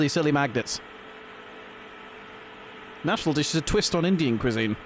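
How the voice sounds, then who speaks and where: A man's voice: a little high, a little hiss or hum. A young man, chatting casually with viewers on a live stream, giggly and rambling. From Britain. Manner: giggly, rambling, reacting to chat.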